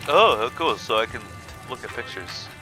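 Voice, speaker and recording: Brief: animated male game streamer, jokey, foul-mouthed, music bed underneath. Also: mid-range voice, normal speed, poor audio. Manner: excitable, jokey, swears freely. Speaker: gaming streamer. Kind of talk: let's play commentary and reading game text aloud.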